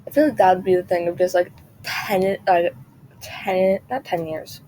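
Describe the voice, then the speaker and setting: A woman's voice: on the low side, normal speed, dark tone, slight background noise, poor audio. A woman vlogger in casual chat, rambling and chatty, often trailing off and restarting her sentences.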